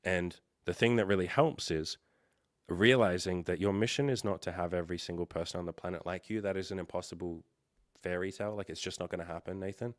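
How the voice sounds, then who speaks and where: A young adult man hosting a livestream, coaching viewers in a relaxed, reassuring way and swearing now and then. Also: low voice, a little fast, dry recording, studio quality. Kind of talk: casual livestream coaching chat.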